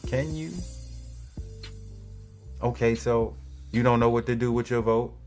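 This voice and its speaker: A man's voice: mid-range voice, a little slow, a little mellow, soft background music. A man giving casual, slangy political commentary straight to his viewers, preachy and direct.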